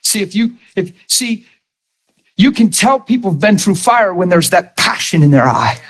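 A man preaching a sermon, telling his own story, dropping to a hush and then raising his voice to drive a point home. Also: high voice, animated, normal speed. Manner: testimony swinging from hushed to raised voice.

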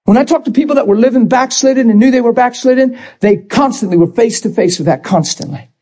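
A man preaching a sermon as a pastor, moving between calm talk and emotional shouting. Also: extremely high pitch, quick pace.

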